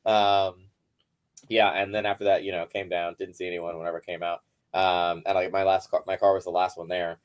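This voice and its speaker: A man with a fairly low voice tells a story as a podcast guest, talking fast. His delivery is loose and rambling, with "like" dropped in all the time. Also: flat delivery, clean tone. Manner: rambling, heavy use of "like" fillers. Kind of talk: casual storytelling chat.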